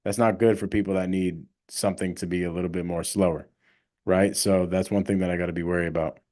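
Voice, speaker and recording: A young man, talking to his livestream viewers in a loose, rambling way. His voice sits a little low, and he leans hard on his points between plenty of fillers. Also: steady tone, fast talker, a little mellow. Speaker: livestream host, real estate wholesaler. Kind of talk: casual livestream chat.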